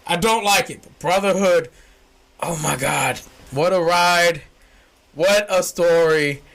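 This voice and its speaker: A young man, co-hosting a casual chat that swings from low musing to shouting, laughing excitement. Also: slow pace, gravelly. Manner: excitable, shouts and laughs when hyped, slangy. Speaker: podcast co-host.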